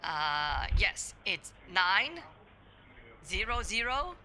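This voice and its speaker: A man playing a hesitant adult woman posing as a scam target on a phone call, full of pauses and fillers. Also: high voice, big pitch swings, sharp tone, a little hiss or hum, full character voice. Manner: hesitant, slow, full of uh and spelled-out letters. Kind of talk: scambait phone role-play.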